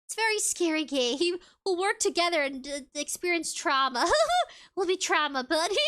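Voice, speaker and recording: Bubbly high-voiced woman streamer. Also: moderate pace, bright, forceful tone. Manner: bubbly and giggly, with frequent laughs. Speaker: VTuber streamer. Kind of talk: casual livestream chat, reading viewer comments aloud.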